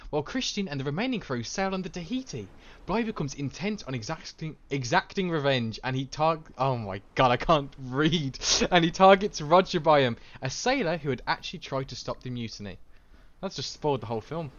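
A man's voice: on the high side, animated, fairly quick. Male podcast co-host, casual and stumbling, slightly muffled audio. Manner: stumbling, joking. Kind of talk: casual chat.

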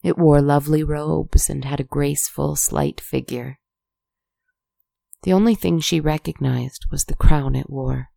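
A narrator reading a fairy-tale story in a calm, measured, softly spoken way. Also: mid-range voice, vocal fry, no room sound, clean studio sound.

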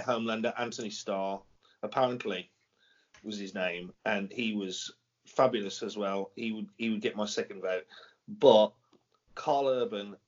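A man co-hosting a casual podcast, rambling and searching for words as he talks. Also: fairly low pitch. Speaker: podcast co-host. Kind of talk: casual banter. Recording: dull lo-fi podcast audio.

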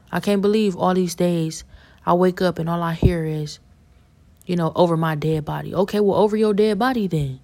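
A woman's voice: fairly low pitch, gravelly, mellow. A woman giving a fervent, preachy religious testimony as a podcast guest, repeating herself as she urges listeners.

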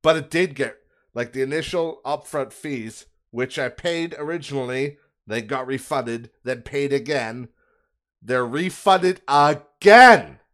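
A man's voice: mid-range voice, unhurried. A man hosting a podcast, ranting in a casual, profane and exasperated way and laughing at his own bad luck. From Canada. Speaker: podcast host. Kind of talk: casual rant.

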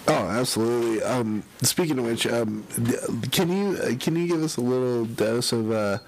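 A man's voice: mid-range voice, moderate pace, low-quality recording. A man hosting a casual interview, asking hesitant questions full of fillers. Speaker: podcast host.

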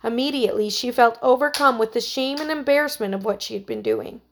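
A woman narrating a children's story with a steady, expressive reading. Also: fairly high pitch, a little fast, slight background noise.

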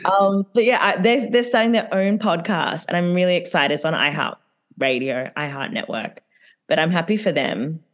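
A woman with a slightly low voice talks fast and loose on a casual podcast. She laughs often and fills her sentences with "like" and "um". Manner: chatty, giggly, full of filler words. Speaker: podcast co-host. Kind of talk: casual chat recapping reality TV.

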